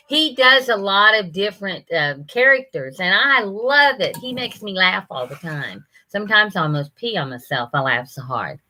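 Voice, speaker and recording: A woman's voice: mid-range voice, sing-song, measured pace, sharp tone. An older woman hosting a casual live stream, chatting with viewers and greeting them by name, often laughing.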